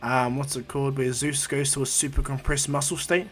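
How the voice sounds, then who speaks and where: A man's voice: medium pitch, little pitch movement, a little fast, a bit bright. A man casually retelling a fan-made story, rambling with many fillers and restarts.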